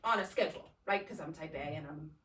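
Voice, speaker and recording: A woman's voice: low voice, fast, fairly bright tone, a little hiss or hum. A woman in casual chat, telling a story with energy, often acting out both sides of an exchange and ending her points with a questioning "right?". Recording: roomy sound from a distant mic.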